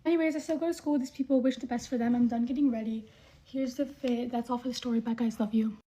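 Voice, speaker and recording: A young woman wrapping up a get-ready-with-me storytime, quick and offhand. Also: fairly high pitch, fairly even intonation, warm tone. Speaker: storyteller getting ready on camera.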